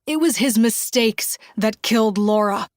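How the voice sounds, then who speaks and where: A woman's voice: on the high side, a little slow, dry recording, studio quality, lightly acted. A woman voicing a controlling man who built a synthetic wife, with a nasal, strained way of speaking in an audiobook thriller. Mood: shouting. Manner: controlled, then pleading and explosive.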